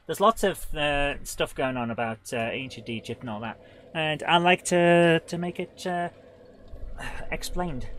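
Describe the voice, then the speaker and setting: A man hosts a live stream of a retro game, joking with his chat and reacting aloud to what happens on screen. His voice sits a little high and sounds bright and forceful. A faint hiss runs under the recording. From Britain. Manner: chatty and joking, laughs often, reacts loudly to gameplay.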